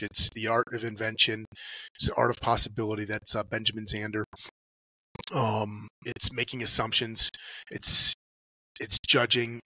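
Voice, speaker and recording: A man talks casually as a podcast guest. He acts out little inner dialogues and swears freely as he tells stories. His voice is bright and forceful, and the sound is dry, with no room echo. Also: medium pitch. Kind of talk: casual conversational talk.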